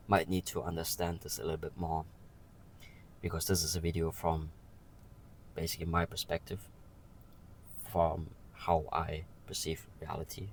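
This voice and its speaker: Earnest low-voiced man, vlogging. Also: slight background noise, rough recording. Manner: earnest, heartfelt, often says "okay". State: emotional. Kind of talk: personal vlog to camera.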